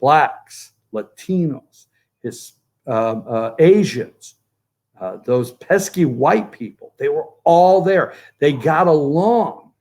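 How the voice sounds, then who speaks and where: A man with a gravel-edged, slightly higher voice delivers opinionated political talk. He has a joking, sarcastic manner. He speaks remotely from a poolside spot. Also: animated, slow, a little mellow. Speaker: political commentator. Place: outdoors by a pool, remote from the studio.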